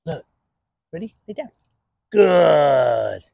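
A man working a dog through drills, his pitch leaping high with praise and sinking low for calm asides. He speaks slowly and unhurried, in a dry, close-miked sound with no room echo. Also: dull audio. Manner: praises the dog in high sing-song bursts, then drops to quiet asides. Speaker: dog trainer. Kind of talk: training a dog while explaining to camera.

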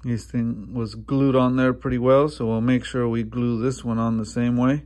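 Man, relaxed garage walkthrough, filler-heavy, phone-recorded. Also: medium pitch, moderate pace. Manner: relaxed, many ums and uhs. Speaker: mechanic showing an engine swap. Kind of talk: casual walkthrough narration. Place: garage workshop.

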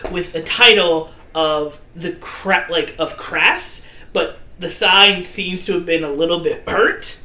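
A man's voice: on the high side, slow, sharp tone. A man narrating a tabletop game as game master, loose and rambling with many fillers. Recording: echoey room with faint noise.

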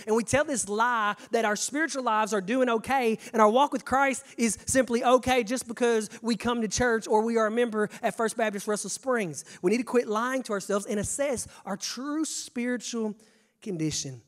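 A young man preaching a sermon, stammering on restarts and swinging from hushed to shouting. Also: high-pitched, fairly quick. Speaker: pastor. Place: church sanctuary. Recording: long church reverb.

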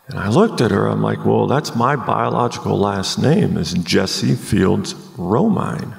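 A man in his forties earnestly telling his life story as a podcast guest, halting with many ums, recorded live at a conference. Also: lowish voice, lively intonation, creaky, long reverb tail.

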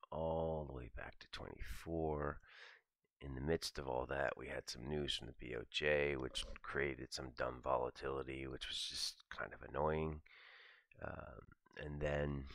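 A man with a gravelly, very deep voice delivers a morning market commentary in a relaxed, profane, stream-of-thought manner. The recording is dry, with no room sound around him. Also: dry recording. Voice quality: gravelly, very low voice. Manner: casual, profane, thinking aloud. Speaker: trading commentator.

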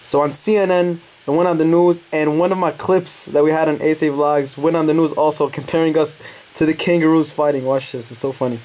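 A man vlogging to the camera in casual, excitable, playful talk. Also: a little high, fairly quick.

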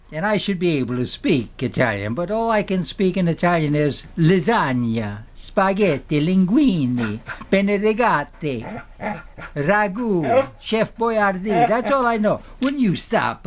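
A man hosting a casual home video, folksy and playful, who drifts into gentle preaching. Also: high-pitched, big pitch swings, unhurried, low-quality recording. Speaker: video host.

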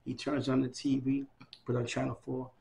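A middle-aged man recounting his life in a casual oral history interview, animated and acting out the dialogue of people he quotes. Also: medium pitch, normal speed, creaky.

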